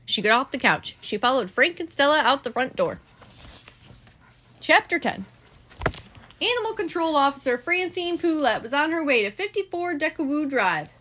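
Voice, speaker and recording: A mother reads a bedtime storybook aloud, her voice high and bright. Her narration rises and falls with lots of expression, clear and gentle for a child. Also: moderate pace, slight background noise. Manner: expressive, lively reading.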